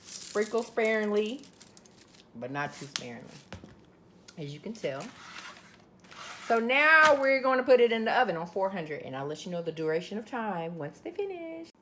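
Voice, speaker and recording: A woman's voice: medium pitch, sing-song, normal speed, long pauses, a bit bright, a little hiss or hum. A woman with a Southern US accent hosting a casual cooking video, chatting to viewers as she works. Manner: chatty, addresses viewers as y'all. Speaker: cooking channel host.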